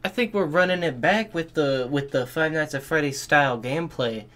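A man giving casual, excitable reaction commentary on a game trailer, swearing freely and thinking out loud. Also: a little high, normal speed. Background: game trailer music.

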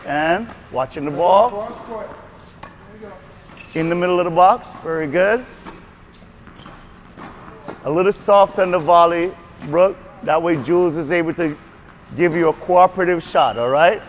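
A man coaching a tennis class on court, giving brisk repeated cues and frequent praise. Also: fairly high pitch, a little hiss or hum. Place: tennis court at a racquet club.

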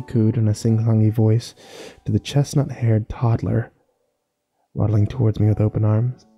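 A man narrating a first-person horror story slowly and wistfully, with small restarts. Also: lowish voice, little pitch movement, warm tone, husky.

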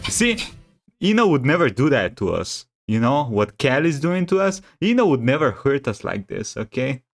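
A man from Bulgaria hosting a reaction video, reacting out loud with blunt, swear-laden casual commentary. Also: mid-range voice, big pitch swings, moderate pace, gravelly, faint music behind. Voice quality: swears often, blunt exclamations.

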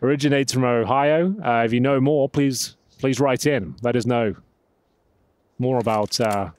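A man's voice: medium pitch, unhurried, a little mellow, slight background noise. Dry, playful male esports caster. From Europe. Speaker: esports commentator. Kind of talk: commentary and desk chat.

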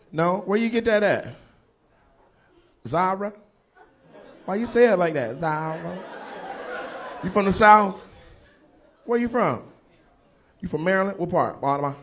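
A man doing stand-up crowd work, loudly teasing an audience member in a playful way. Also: high voice. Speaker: stand-up comedian. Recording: live room with faint ambience.

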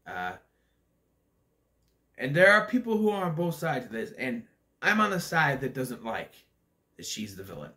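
A man's voice: mid-range voice, sing-song, normal speed, pauses often, bright, forceful tone. A man giving a casual, opinionated movie review, blunt and ranting, with swearing, loose fillers and restarts.

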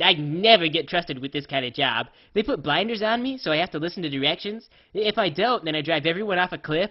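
A scatterbrained female pony, voiced by a performer, rambles through her comedic first-person story in a mid-pitched, offhand drawl, peppered with "uh" and "like". The voice sits at an ordinary middle pitch. The recording is slightly dull and lo-fi. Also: natural voice.

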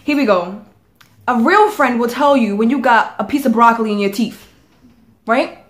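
A young woman talking to camera in a casual vlog. Her voice sits high, and she speaks in a blunt, profane, ranting way. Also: expressive, normal speed. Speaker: vlogger. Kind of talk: casual chat.

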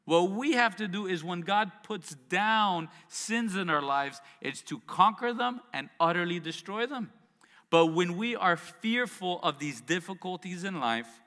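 A man with a fairly high, bright, forceful voice preaches a sermon, moving between scripture reading and chatty asides full of rhetorical questions. His voice carries a long reverb, as if heard through a church hall. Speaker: pastor.

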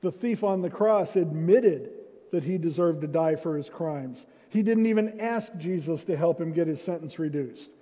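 A senior pastor preaches a sermon conversationally and with self-deprecating humor, recorded in a reverberant church sanctuary. His voice is a little high and mellow, at a moderate pace.

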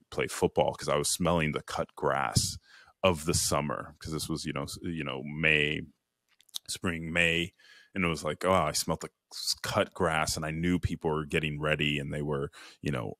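A man's voice: rumbling low, dry recording, clean studio sound. A man from Chicago, a podcast guest, telling a personal story earnestly and reflectively, voicing the inner questions he heard. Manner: earnest, lively retelling with quoted inner voices.

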